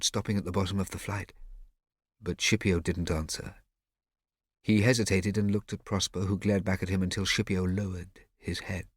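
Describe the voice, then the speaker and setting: This scripted audiobook narration comes from a man whose pitch is fairly low. He tells the story with measured expression, and the studio-quality recording has no echo.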